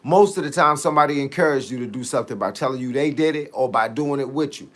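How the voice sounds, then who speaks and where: Brief: middle-aged man, relaxed slangy livestream host, mid pitch. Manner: laid-back slangy talk, drawn-out tangents. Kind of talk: casual livestream chat answering viewer comments.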